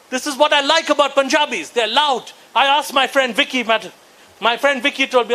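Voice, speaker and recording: Brief: male comedian from Bengal, high pitch, bright edge, animated and mock-indignant. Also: brisk, rough recording. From Bengal, India. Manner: animated, mock-indignant, bursts into shouting impressions. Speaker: stand-up comedian. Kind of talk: stand-up comedy set at a conference. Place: conference hall before a live audience.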